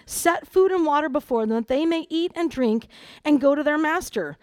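A woman with a high voice preaches a sermon, reading scripture and breaking in with animated asides. Her voice is close and dry, with no room sound. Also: moderate pace, dry recording. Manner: animated, dramatizes the Bible story with voices and asides. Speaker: conference speaker.

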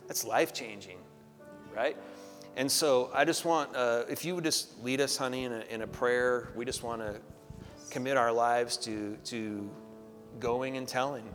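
A man's voice: medium pitch, unhurried, fairly bright tone. Encouraging man preaching over faint music. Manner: encouraging, exhorting, loosely phrased. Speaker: host of a Christian ministry program. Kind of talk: preaching wrap-up. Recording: long hall reverb with faint music.

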